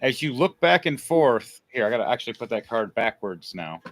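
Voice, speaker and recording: A man narrating a tabletop game as game master, lively and building up each scene. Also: medium pitch, normal speed, no room sound.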